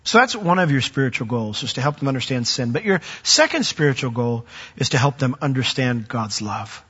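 Husky middle-aged pastor preaching. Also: male voice, medium pitch, expressive, brisk, a bit bright. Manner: conversational preaching with wry humor. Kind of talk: sermon. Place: large church sanctuary. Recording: dull lo-fi sound with long hall reverb.

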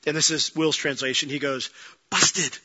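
A man preaching a sermon, telling a story with lively acted-out lines, swinging from loud and fast to quiet and low. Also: highs cut off. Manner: animated storytelling, acting out quoted lines, rising to near-shouting then dropping low. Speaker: pastor.

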